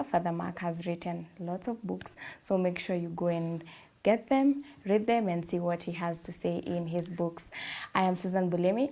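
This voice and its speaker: A woman's voice: lowish voice, mellow. A woman hosting a talk show, interviewing a guest and closing the show, with frequent short affirmations. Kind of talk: interviewing and presenting.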